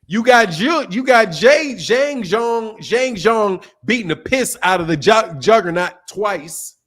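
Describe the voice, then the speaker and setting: A man hosting a boxing talk show, excitable and animated, laughing often. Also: high-pitched, slow. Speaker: host. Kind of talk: casual chat.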